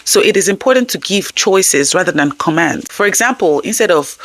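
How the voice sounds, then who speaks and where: A woman's voice: on the low side, expressive, normal speed, hardly any pauses, no room sound. A woman hosting a parenting channel, giving conversational tips to camera in an earnest way and often checking in with her listeners.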